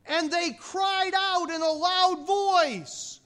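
A pastor delivers a sermon in a bright, forceful voice pitched fairly high. The pace is deliberate and unhurried. The delivery is dramatic, built on rhetorical questions and sudden swings between quiet and loud.

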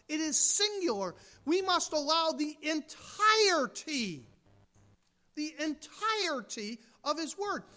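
A woman's voice: high-pitched, sharp tone. A woman from the United States preaching a sermon, emphatic, with rhetorical questions and mocking asides.

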